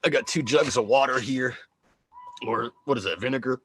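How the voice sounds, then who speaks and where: A man's voice: mid-range voice, normal speed, fairly bright tone, a little hiss or hum. A man hosting a casual livestream chat, joking, laughing often and rambling with fillers over a video call. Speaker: host.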